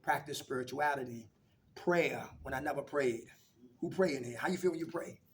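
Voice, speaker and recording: A man's voice: mid-range voice, normal speed, recorded from a distance, slight background noise. A man leading a recovery meeting, coaching the group with call-and-response questions.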